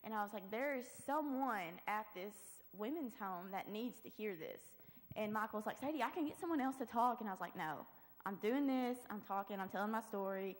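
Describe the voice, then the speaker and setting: A woman's voice: mid-range voice, lively intonation, a little fast. A teenage girl sharing a personal testimony in church, chatty, quoting herself with "I was like". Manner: chatty, lots of "I was like" quotes. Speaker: youth group member giving testimony. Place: church sanctuary. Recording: long church hall reverb.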